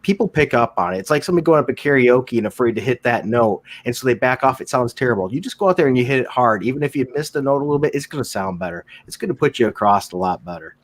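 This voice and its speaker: A man's voice: mid-range voice, expressive, quick pace, few pauses, slight background noise. A man on a livestream panel giving polite, encouraging advice in casual talk.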